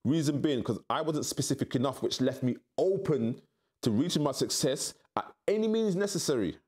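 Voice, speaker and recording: A middle-aged man from tells his story in an interview, and his voice keeps leaping up high as he acts out other people's words. He sits at a middling pitch and talks in candid, storytelling turns. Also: normal speed. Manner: animated, acts out quoted voices with big pitch jumps. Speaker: interview guest.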